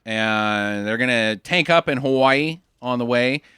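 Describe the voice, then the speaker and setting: Bright, clear-voiced man riffing sarcastically. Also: mid-range voice, a little slow, no echo, clean studio sound. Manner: sarcastic, recaps plot with mocking asides. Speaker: podcast co-host. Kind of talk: casual movie riffing.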